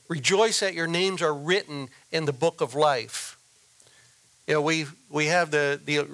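A male pastor delivering a sermon in an unhurried, measured way. His voice sits a bit high for a man. He leans on repetition and lets his phrases land one at a time. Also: sharp tone. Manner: slow, deliberate preaching with repeated phrases.

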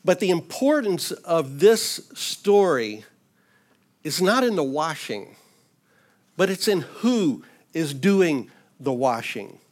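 A man's voice: a little high, big pitch swings, takes it slowly. A man teaching through a Bible passage verse by verse in an informal, earnest way, with touches of light humor.

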